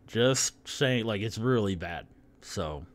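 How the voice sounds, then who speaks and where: A towering half-orc warrior woman, brash and swaggering, her voice leaping high and low as she boasts, as a man puts her on. She drawls her words at an unhurried pace in a tabletop fantasy game. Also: expressive. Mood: chatty.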